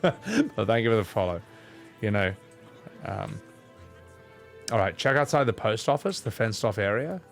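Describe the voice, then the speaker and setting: A man's voice: on the low side, normal speed, vocal fry, pauses often, faint music behind. Ranting man streaming a game. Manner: rambling, swearing, animated rants. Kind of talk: casual live-stream commentary.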